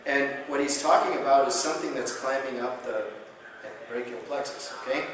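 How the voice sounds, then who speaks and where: A man lecturing as a chiropractor at a conference, telling a patient story with lively acted-out quotes. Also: moderate pace, a little hiss or hum. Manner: animated storyteller, acts out quotes with big pitch jumps. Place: conference hall. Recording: very echoey hall, voice from far off.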